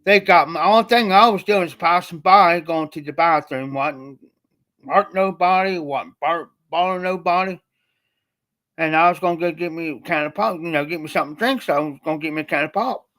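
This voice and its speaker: A man's voice: a little high, fairly quick, fairly bright tone. A man from Ohio hosting a livestream, telling a personal story in a rambling, repetitive, colloquial way. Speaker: livestream host.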